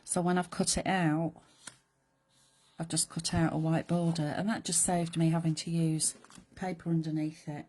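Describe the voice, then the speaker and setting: A chatty, playful woman talks viewers through a craft project live from her studio, now and then slipping into soft whispered asides. Her voice is fairly low and mellow with a husky edge. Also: flat delivery, normal speed. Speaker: crafting presenter.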